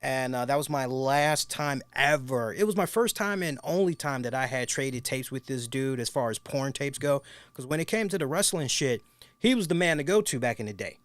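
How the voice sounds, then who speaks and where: A man's voice: mid-range voice, expressive, moderate pace, a bit bright, dry recording. A middle-aged man hosting a wrestling review, telling loose, crude, laughing stories in casual chat. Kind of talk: casual profane storytelling.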